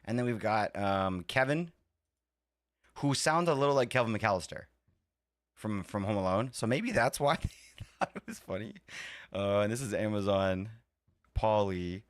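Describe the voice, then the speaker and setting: A man's voice: lowish voice, lively intonation, normal speed, long pauses, dry recording, studio quality. A man hosting a live stream, chatting casually and rambling between talking to his chat and fiddling with his setup. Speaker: livestream host.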